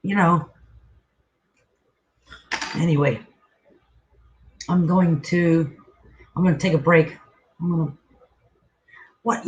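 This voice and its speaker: A man's voice: a little high, a little hiss or hum, poor audio. A man hosting a casual livestream, talking loosely and profanely and trailing off mid-sentence. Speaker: livestream host. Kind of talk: casual rambling livestream chat.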